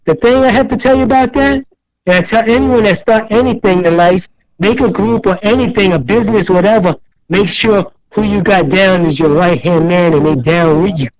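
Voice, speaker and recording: An older man originally from New York City, high-pitched and speaking at normal speed, is the guest in a casual interview. Animated and rambling, he acts out others' words in quotes as he tells his stories. The recording is dry and rough.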